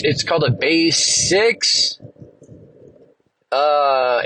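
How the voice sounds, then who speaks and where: A man's voice: medium pitch, sharp tone, rough recording. A male podcast host telling a long, rambling, profane story in a laid-back way. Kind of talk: casual storytelling monologue.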